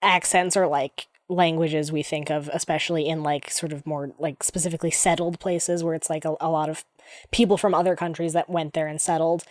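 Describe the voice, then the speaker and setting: A woman co-hosts a podcast in a deep, steady, brisk voice, chatting casually about a book with plenty of fillers and rambling asides. The studio-quality recording has no echo.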